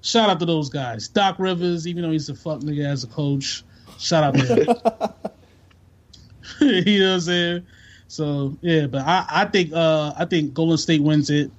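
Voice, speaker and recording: This podcast co-host talks sports in a relaxed, slangy way, drifting from one thought to another. His voice is a little high and his pace unhurried, captured in dull lo-fi audio.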